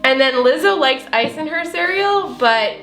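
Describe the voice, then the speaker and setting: Woman host, slight Southern twang, high voice, chatty recipe vlog in a roomy kitchen. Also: animated, unhurried, pushed and bright, faint music behind. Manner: chatty, filler-heavy, giggly. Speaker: recipe vlogger. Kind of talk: casual recipe demo.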